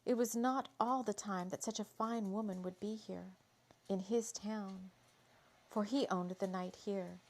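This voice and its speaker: Brief: woman storyteller, mid-pitched, leisurely dramatic reading with casual asides. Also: fairly even intonation, unhurried. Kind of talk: reading a spooky romance story aloud.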